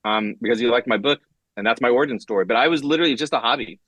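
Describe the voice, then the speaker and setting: A man's voice: medium pitch, racing, breathy edge, dry recording. A man being interviewed as a guest comic writer, telling stories casually with lots of fillers and acted-out quotes. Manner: animated, acts out quotes, many fillers and restarts.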